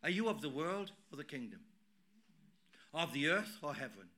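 A middle-aged man preaching a sermon in a church, emphatic, swinging between loud declarations and quiet asides. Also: fairly high pitch, very animated, moderate pace. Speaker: pastor.

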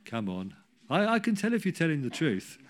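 A man preaching a sermon, telling a Bible story with humorous asides and rising to loud cries when he quotes. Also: on the high side, wildly swooping pitch, brisk.

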